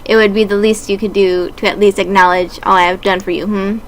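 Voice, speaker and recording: A woman voicing a calm, cold and sinister male doctor in a game, speaking in a soft, measured, condescending way. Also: medium pitch, a little hiss or hum, lightly acted, rough recording. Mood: smug.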